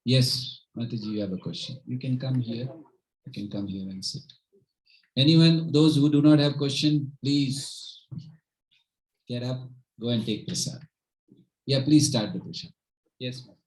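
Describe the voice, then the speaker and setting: A man's voice: mid-range voice, expressive, unhurried, pauses often, darkish tone, low-quality recording. Earnest man giving a devotional talk. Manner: earnest, keeps checking in with listeners. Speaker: spiritual teacher leading a home gathering. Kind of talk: informal devotional talk with stories. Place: home gathering with a group of listeners.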